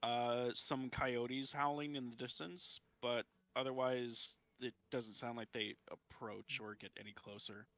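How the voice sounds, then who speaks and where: A man running a tabletop game as game master, relaxed and unhurried, laughing often. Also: mid-range voice.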